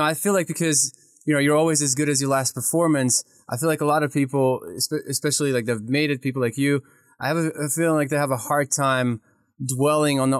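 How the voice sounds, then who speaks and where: A man from Ukraine hosts an interview, asking questions with enthusiasm and frequent laughter. His voice is mid-pitched and recorded dry and close, with no room sound. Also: no room sound. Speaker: podcast host. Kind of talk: interview conversation.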